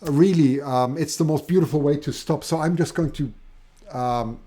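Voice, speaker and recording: German guy hosting a livestream, excited but halting, lots of restarts. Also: on the high side. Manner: enthusiastic, halting, many restarts. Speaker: host of a livestream. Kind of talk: casual live-stream chat.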